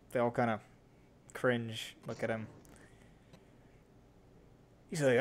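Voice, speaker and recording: A man narrating a tabletop game as game master, talking in a relaxed, casual way. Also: mid-range voice, slow pace, pauses often. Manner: relaxed, casual, many fillers.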